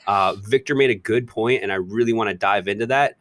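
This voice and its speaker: A man's voice: on the low side, a little fast, fairly bright tone, no room sound. A man hosting a casual podcast, talking loosely and rambling with easy laughs. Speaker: podcast host.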